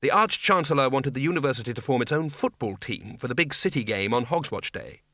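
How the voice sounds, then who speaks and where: A man's voice: mid-range voice, expressive, fairly quick, bright, forceful tone, dry recording. A man narrating a comic fantasy audiobook in a dry, wry storytelling manner on a close studio mic. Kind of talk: scripted narration.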